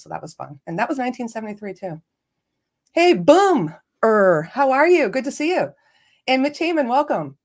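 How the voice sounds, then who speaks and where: Chatty woman hosting a live stream. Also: medium pitch. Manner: chatty and self-joking, laughs often; greets viewers by name. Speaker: livestream host. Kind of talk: casual live-stream chat.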